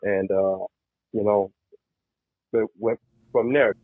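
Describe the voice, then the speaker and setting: A man's voice: fairly low pitch, steady tone, takes it slowly, no room sound. A middle-aged man recounting a night's phone call in an interview, hesitant and full of "uh"s. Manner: hesitant, many "uh"s. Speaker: interviewee, uncle of the missing man. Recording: tinny phone-like line, dry.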